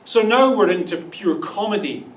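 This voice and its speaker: A man delivers an Easter sermon with a high, light voice and dry, joking asides. He sounds set back from the microphone, and his words ring through a large, echoey church hall. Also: expressive, moderate pace, slight background noise. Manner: wry, playful asides with mock voices. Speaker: pastor. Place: church auditorium. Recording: echoey room, distant mic.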